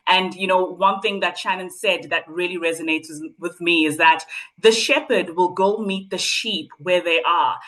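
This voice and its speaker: A woman hosting a business training call, cheerful and encouraging, quick to laugh. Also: fairly low pitch, fairly bright tone, low-quality recording. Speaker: call host.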